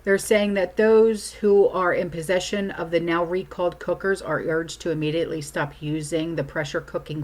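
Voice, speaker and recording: A woman hosting her channel, talking casually through news items and often checking in with "okay?". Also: low-pitched. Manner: chatty, frequent "okay?" check-ins. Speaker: channel host.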